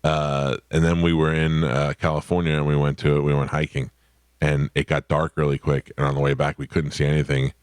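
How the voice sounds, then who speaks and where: A man hosting a radio show, telling stories in wry, deadpan banter. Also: rumbling low, brisk, clear, resonant tone, no echo, studio quality. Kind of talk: casual studio banter. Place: radio studio.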